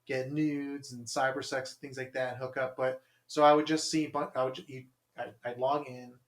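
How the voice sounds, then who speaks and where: A man's voice: medium pitch, level tone, normal speed. A young man co-hosting a podcast, telling stories in a rambling casual way, full of "like" and acted-out quotes. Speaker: podcast co-host. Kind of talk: casual chat. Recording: roomy echo.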